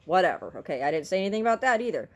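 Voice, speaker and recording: A woman's voice: on the low side, sing-song, very fast. A middle-aged woman telling a story in a casual vlog, talking in an exasperated, vocal, ranting way. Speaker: vlogger.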